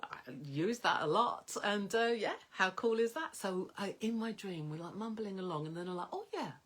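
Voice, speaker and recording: Woman, middle-aged coach, casual rambling storyteller, medium pitch, filler-heavy. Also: normal speed. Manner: rambling, animated, many fillers, dreamy soft whispers in places. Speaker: personal development coach.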